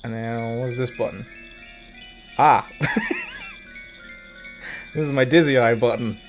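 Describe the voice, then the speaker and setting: A man's voice: medium pitch, fairly even intonation, a little slow, soft background music. Giggly male streamer chatting casually. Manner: chatty and giggly, often breaking into laughter. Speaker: VTuber streamer. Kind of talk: casual livestream chat.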